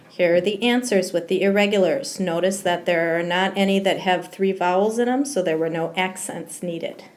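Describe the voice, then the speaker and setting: Teacher lady going over grammar rules, steady mid voice, says um a lot. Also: medium pitch. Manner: explains step by step, with frequent ums. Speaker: Spanish teacher. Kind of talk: recorded slideshow grammar lesson.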